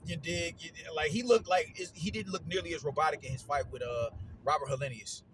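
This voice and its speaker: A man talking through a boxing card in casual solo commentary, with a slightly higher voice than most men. His delivery is slangy and animated, full of repeats and fillers. A faint hiss of noise runs underneath. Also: a little fast.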